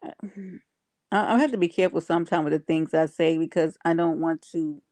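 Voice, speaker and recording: A woman hosts a casual livestream, chatting with viewers and reading their comments out loud. Her low voice is brisk and warm, and the recording is dry.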